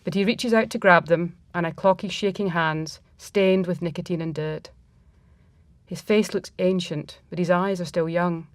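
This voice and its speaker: In a fairly low voice, a woman reads a first-person story in a measured, reflective way, keeping her intonation fairly even. The sound is close and dry, with no room tone or echo.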